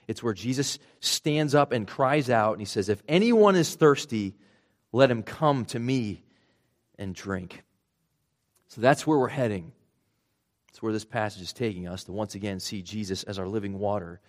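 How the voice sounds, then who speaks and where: A man with a Rhode Island accent, preaching a sermon in a conversational way and explaining step by step with asides. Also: medium pitch. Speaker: pastor.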